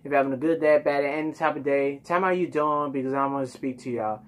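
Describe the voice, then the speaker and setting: A man's voice: mid-range voice, fairly even intonation, fast. A man hosting a casual music reaction video, chatting rambly and talking straight to his viewers.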